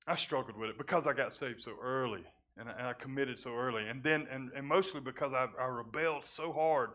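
A male pastor giving a sermon testimony, moving from hushed, halting confession with repeated restarts to loud, fervent preaching. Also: mid-range voice. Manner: halting restarts when emotional.

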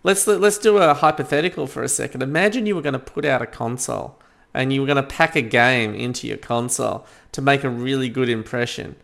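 A man co-hosting a casual video game podcast, joking and getting animated. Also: medium pitch, brisk, creaky. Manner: joking, animated when riled up. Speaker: podcast co-host. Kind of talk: casual chat.

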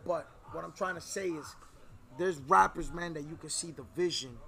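A man, telling stories in animated casual chat full of slang and swearing. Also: a little high, moderate pace, creaky. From New York. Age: 30s.

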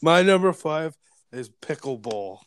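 A man's voice: fairly high pitch, sing-song, measured pace, clean tone, no echo. A young man co-hosting a podcast in casual chat, laid-back and laughing, with a sprinkling of swearing. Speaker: podcast co-host.

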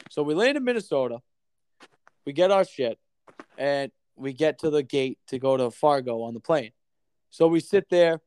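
A man's voice: mid-range voice, smooth, no room sound. A man telling a long story in casual chat, swearing often and acting out the other people in it. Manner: profane, animated storyteller.

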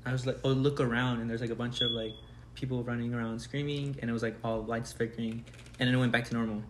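A man's voice: medium pitch, flat delivery, quick pace, a little hiss or hum. A young man co-hosting a podcast, telling a story in casual chat with hesitant restarts. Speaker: podcast co-host.

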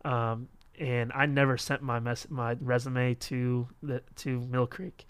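A man's voice: mid-range voice, level tone, takes it slowly, clear, resonant tone, dry recording. A young man from Florida, a youth pastor, telling a rambling story in casual conversation. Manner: rambling storyteller, acts out quoted voices.

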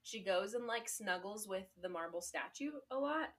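A woman's voice: mid-range voice, lively intonation, normal speed. A young woman in casual conversation on a podcast, retelling a tale in a chatty way. She leans on "like" and fillers as she goes and laughs often. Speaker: podcast co-host. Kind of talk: casual chat.

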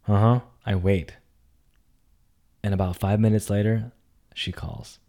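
A young man telling a personal story, animated, acting out quotes with loud outbursts. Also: fairly low pitch, measured pace. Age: young adult. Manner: animated, acts out quotes with big loud jumps.

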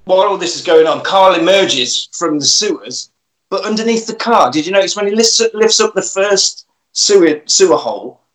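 A man's voice: high-pitched, expressive, normal speed, fairly bright tone, rough recording. A man casually recapping a film plot, swearing and acting out the characters' lines.

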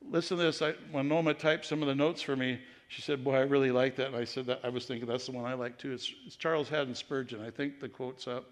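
This middle-aged pastor talks fast, with few pauses, in a steady, medium-pitched voice. His sermon in the church sanctuary unfolds as conversational personal storytelling full of restarts, recorded in a reverberant hall.

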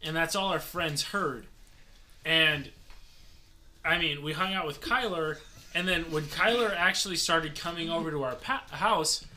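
Young male co-host, bright tone, faint background hiss, tells anecdotes with quoted voices. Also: a little high, a little slow. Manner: storytelling, acts out quoted voices. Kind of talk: casual chat.

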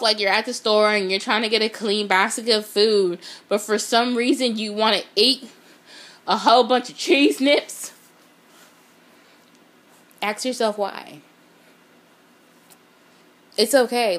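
Addressing her viewers directly, a woman who vlogs motivational content gives a blunt pep talk laced with profanity. She has a fairly bright voice on the high side.

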